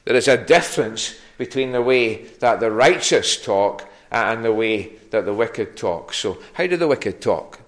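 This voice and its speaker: A man preaching an evening sermon. He talks in a halting way, stopping for fillers and starting phrases over. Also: medium pitch, animated. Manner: halting, many fillers and restarts.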